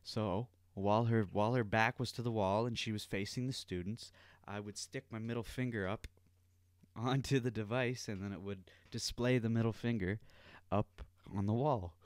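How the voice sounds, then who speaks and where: Low-voiced man telling a rambling story. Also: fairly even intonation, normal speed, no echo. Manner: rambling, swears freely. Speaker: podcast host. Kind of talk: casual storytelling.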